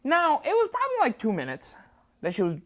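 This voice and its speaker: Animated woman telling a wild story. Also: high-pitched, fast talker. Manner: jumpy, acts out both sides of dialogue with big swings. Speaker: comedian guest. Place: studio.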